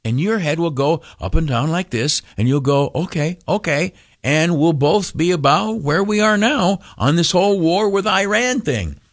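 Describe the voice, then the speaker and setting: A man's voice: a little high, expressive, normal speed, hardly any pauses. Rambling male radio host. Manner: rambling, self-deprecating, many fillers. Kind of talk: casual radio commentary.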